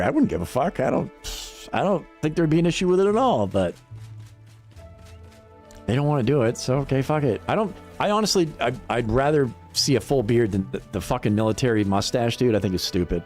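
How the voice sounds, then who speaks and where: A man's voice: medium pitch, sing-song, a little mellow, faint music behind. A man chatting casually on a gaming livestream, swearing freely, rambling and laughing often between thoughts. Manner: profane, rambling, quick to laugh. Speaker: livestream gamer.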